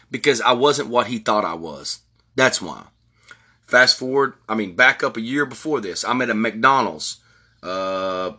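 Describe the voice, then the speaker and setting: A man's voice: medium pitch, pushed and bright. Blunt, cussing man in his forties. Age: 40s. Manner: blunt, profane storytelling. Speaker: podcast host. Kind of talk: heated monologue.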